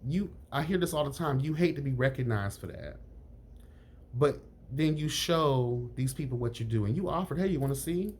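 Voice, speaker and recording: A man reviewing a reality show in casual chat, sassy and frank, calling everyone honey and girl, his pitch jumping up on emphasis. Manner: lively pitch jumps on emphasis.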